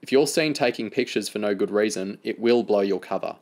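A man reads as a calm adult handler with a dry sense of humour, speaking in a steady, level way with a hint of amusement. The voice sits fairly low. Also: a little fast, lightly acted.

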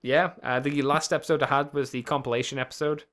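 Bright-voiced man chatting on a podcast. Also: on the high side, steady tone, quick pace. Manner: rambling, swears casually, chuckles often. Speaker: podcast co-host. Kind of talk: casual chat.

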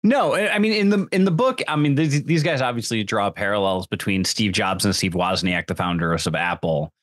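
A man's voice: lowish voice, lively intonation, a little fast, a bit bright, no echo. A man co-hosting a podcast, explaining points about a book and its film in a thoughtful, casual way. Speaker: podcast co-host. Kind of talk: casual movie-review chat.

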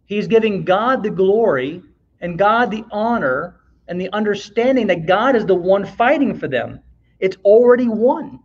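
A man with a high voice leads a Bible lesson in a relaxed, conversational way. He reads verses aloud, stops to ask the class questions, and adds the odd joke. The sound is dull and lo-fi.

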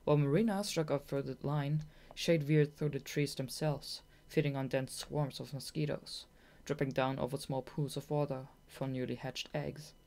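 A woman narrating a children's audiobook in a measured, gentle storytelling manner. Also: a bass voice, fairly even intonation.

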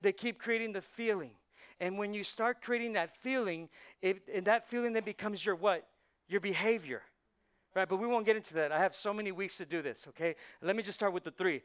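Male pastor, high and bright voice, chatty preaching that jumps from quiet asides to loud punchlines. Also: a little fast, smooth. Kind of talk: sermon. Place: church sanctuary.

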